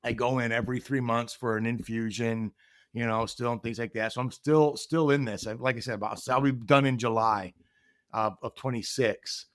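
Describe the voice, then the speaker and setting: A man's voice: medium pitch, steady tone, moderate pace, fairly bright tone. A middle-aged man speaks as a podcast guest, telling a personal story in an earnest, reflective way. He acts out the other people's lines as he goes. His voice sits in an ordinary mid range and sounds dry and close, with no room echo.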